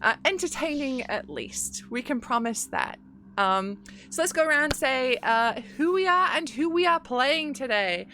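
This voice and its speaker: Woman, Yorkshire accent, game master, bright, playful, bubbly, tabletop stream host. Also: high-pitched, big pitch swings, normal speed, slight background noise.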